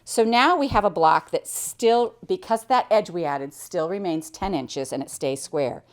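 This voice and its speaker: A woman's voice: lowish voice, expressive, measured pace. A middle-aged American woman teaching quilting, chatting cheerfully as she explains each step while she cuts and sews. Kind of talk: hands-on sewing tutorial.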